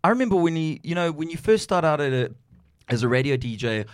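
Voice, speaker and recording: A middle-aged radio DJ from South Africa chatting in an interview, animated and quick to laugh, telling stories with lively asides. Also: male voice, fairly high pitch, smooth. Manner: animated storyteller who slips into put-on voices and laughs often. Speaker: radio DJ and guest. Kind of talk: casual interview chat.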